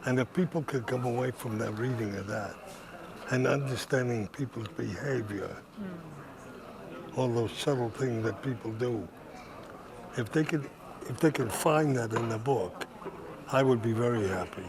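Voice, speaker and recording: A man's voice: medium pitch, normal speed, long pauses. An older man, a guest speaker, telling a rambling anecdote to a live audience in a cinema, laughing as he talks. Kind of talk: storytelling at a live audience event. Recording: audience crowd noise.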